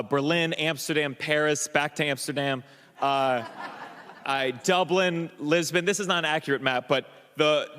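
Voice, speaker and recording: A man doing a stand-up comedy set, telling an animated story full of stammers and restarts, acting out the voices of the people in it. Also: a little high, smooth, big-room sound. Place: comedy club stage. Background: audience laughter.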